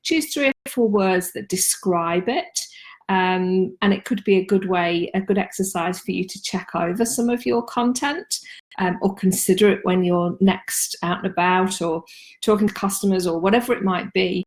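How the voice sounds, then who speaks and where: A woman's voice: mid-range voice, normal speed. A woman, talking casually and practically about marketing tips on a live stream, with frequent ums. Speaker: marketing consultant and host.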